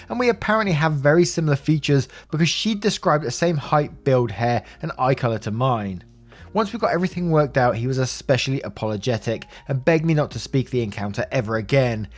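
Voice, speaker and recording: A man narrating online stories aloud and adding his own commentary, chuckling as he goes. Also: medium pitch. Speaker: story narrator.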